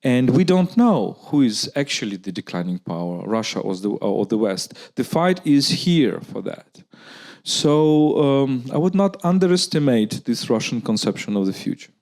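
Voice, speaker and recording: A man's voice: mid-range voice, big pitch swings, normal speed, a little mellow. A man with a Ukrainian accent speaking as a guest at a live public conversation, arguing earnestly and often restarting his sentences. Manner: earnest, argumentative, with frequent restarts.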